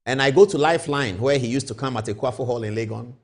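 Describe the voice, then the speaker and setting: A man's voice: medium pitch, fast. A man hosting a live late-night TV talk show, telling a long hypothetical story and firing rhetorical questions at his viewers.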